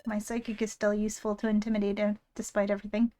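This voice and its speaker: A woman voicing a lonely, grieving psychic creature from a game who is gentle and protective, reading its lines in an earnest, soft-spoken way. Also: mid-range voice, level tone, quick pace, lightly acted. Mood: tender, worried. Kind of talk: reading game dialogue aloud.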